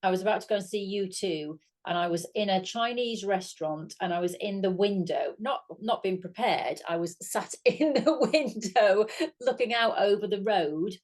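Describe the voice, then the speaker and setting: A British woman in her middle years co-hosts a relaxed chat. Her voice sits at an ordinary middle pitch. She tells stories in an animated, energetic way. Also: moderate pace. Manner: animated anecdote-telling. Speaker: co-host. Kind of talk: casual chat.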